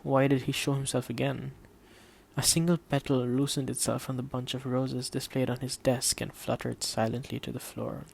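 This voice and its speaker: A man narrates an audiobook at a steady, measured pace. His mid-range voice carries a gravelly texture, and he keeps the characters' lines quiet rather than theatrical. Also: mid-range voice.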